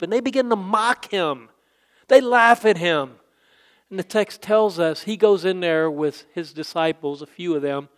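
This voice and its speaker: A man's voice: fairly high pitch, clean tone. A man preaching a casual, conversational sermon, acting out Bible scenes in quoted voices. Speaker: pastor.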